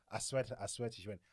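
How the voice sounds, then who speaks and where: A man's voice: lowish voice, heavy background noise. A man co-hosting a podcast, chatting casually and playfully teasing. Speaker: podcast co-host. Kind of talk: casual chat.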